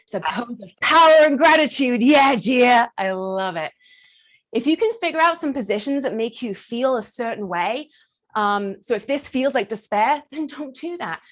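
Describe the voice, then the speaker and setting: A woman's voice: on the high side, animated, moderate pace. Playful, theatrical woman coach. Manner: playful, theatrical, acts out little voices and laughs often. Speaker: burlesque performer and confidence coach. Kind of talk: lively workshop teaching.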